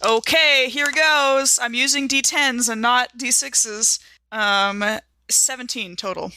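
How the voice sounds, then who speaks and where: A woman's voice: fairly high pitch, fairly even intonation, slow pace, pushed and bright, clean tone. A woman playing a tabletop game in a casual, playful way. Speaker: player.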